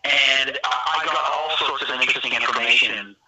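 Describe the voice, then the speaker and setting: A man's voice: mid-range voice, steady tone, moderate pace, recorded from a distance, heavy background noise. A man calling in to a radio talk show, chatting casually and rambling from one tangent to the next. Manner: rambling, jumping between tangents. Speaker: call-in guest.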